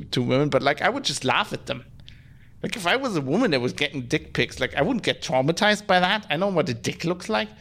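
A man chatting casually on a podcast, rambling and swearing, with lots of filler words. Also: mid-range voice. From Germany. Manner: rambling, profane, heavy use of "like". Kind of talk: casual chat.

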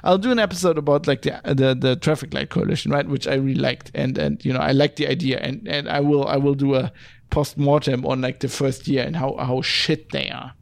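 A man's voice: medium pitch, steady tone, a little fast, creaky. A middle-aged man hosting a podcast, ranting in an exasperated, profane monologue. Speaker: podcast host.

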